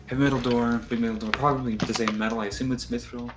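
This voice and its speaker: A man playing a tabletop game, joking around and planning out loud in casual chat. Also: medium pitch, flat delivery, quick pace, very noisy. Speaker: player.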